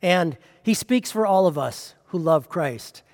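A man's voice: high voice, lively intonation, a little slow, a little mellow, in a large hall. A man preaching a sermon as pastor, pressing with rhetorical questions.

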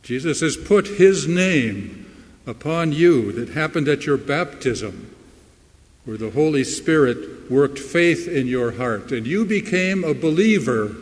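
A male pastor delivers a sermon in an unhurried, deliberate cadence, pressing hard on the words he wants to land. His mid-pitched voice carries a long reverb, as if it were filling a large hall. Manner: slow, emphatic preaching with rising stress on key words.

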